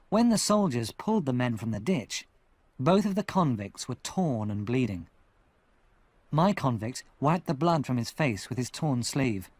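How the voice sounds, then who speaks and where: A man narrating an audiobook in an expressive storytelling manner. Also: mid-range voice, dry recording. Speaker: audiobook reader.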